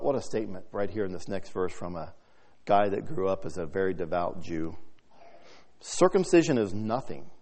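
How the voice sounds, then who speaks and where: A man preaching a sermon, reading scripture aloud and swinging from soft talk to loud, emphatic delivery. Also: on the low side.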